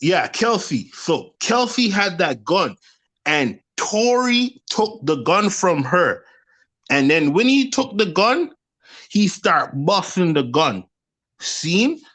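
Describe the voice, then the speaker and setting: Animated, high-pitched man debating. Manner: animated and profane, repeats himself. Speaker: panelist. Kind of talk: heated casual debate.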